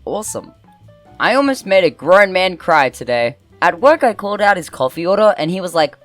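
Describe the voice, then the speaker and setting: Woman host, lively pitch swings, sarcastic reactions, faint music. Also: fairly quick. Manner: animated, exaggerated reactions, sarcastic asides. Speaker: host and narrator. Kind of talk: reading funny posts aloud with commentary.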